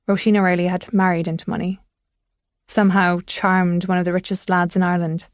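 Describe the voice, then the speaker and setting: A woman's voice: on the low side, flat delivery, no echo, clean studio sound. Woman reading a thriller audiobook. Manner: measured storytelling. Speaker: audiobook narrator. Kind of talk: scripted audiobook narration.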